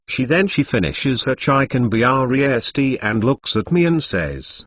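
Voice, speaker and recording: A man's voice: medium pitch, sing-song, moderate pace, few pauses, a bit bright, no room sound. Matter-of-fact male story narrator. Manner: reads punctuation aloud, matter-of-fact. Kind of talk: scripted narration of fan fiction.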